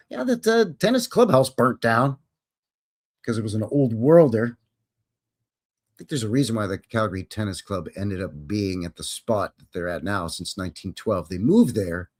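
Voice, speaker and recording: Folksy, lively-voiced man hosting a stream. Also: fairly low pitch. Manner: rambling, chuckling, folksy. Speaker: live stream host. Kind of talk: casual live stream chat answering viewers.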